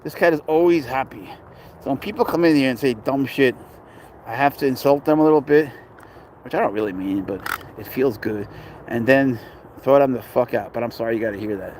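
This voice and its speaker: A man of ordinary pitch talking off the cuff on a livestream, rambling and blunt, with curse words sprinkled through. Faint traffic noise hangs behind him outdoors. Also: brisk, darkish tone, rough recording. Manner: rambling, blunt, swears freely. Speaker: pet owner and livestreamer. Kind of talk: casual livestream chat.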